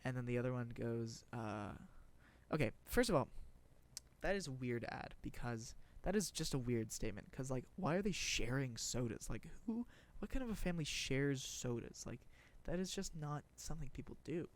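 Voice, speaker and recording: A man's voice: medium pitch, animated, normal speed. A young man rambling through casual commentary, sarcastic and profane, with many restarts. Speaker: video creator.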